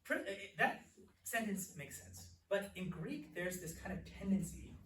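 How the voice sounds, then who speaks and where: A young man teaching a Greek class in a church classroom, explaining patiently and repeating words slowly. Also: high-pitched, lively intonation. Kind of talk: classroom lecture. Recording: echoey room, distant mic, faint hiss.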